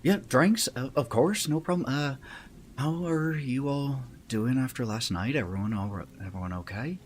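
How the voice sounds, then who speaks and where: A man voicing a bartender woman with a very deep, resonant voice, speaking in a hesitant, polite, obliging way. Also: normal speed, slight background noise, close to an everyday voice. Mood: accommodating. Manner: hesitant, polite service talk.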